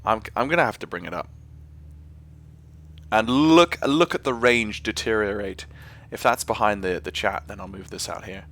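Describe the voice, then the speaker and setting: A man's voice: on the low side, normal speed, fairly bright tone. A man with an English accent chatting casually on a live stream while flying a simulator, rambling and often correcting himself. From England. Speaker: flight sim streamer.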